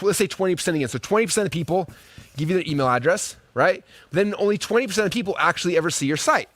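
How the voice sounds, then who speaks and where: A man teaching online marketing in an energetic monologue, acting out quoted messages in a raised voice. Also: no room sound. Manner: animated, acts out pop-up messages in high voices.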